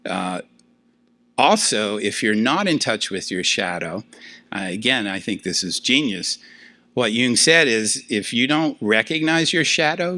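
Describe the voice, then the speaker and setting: An older man, a professor, giving a conversational lecture to a class, with frequent fillers and lively asides. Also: fairly low pitch.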